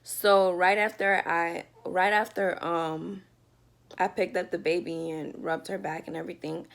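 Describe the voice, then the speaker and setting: A woman's voice: lowish voice, steady tone, a little slow, creaky, a bit bright. A woman telling a personal story in a casual storytime vlog from her bedroom, talking loosely with lots of fillers. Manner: chatty, loose, with many fillers. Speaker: vlogger telling a birth story.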